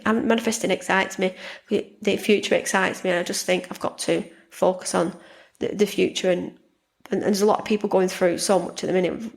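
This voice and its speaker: A woman hosting a podcast, talking casually and warmly about her own life, often repeating words and restarting sentences. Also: medium pitch, gravelly. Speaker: podcast host and life coach. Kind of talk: casual monologue.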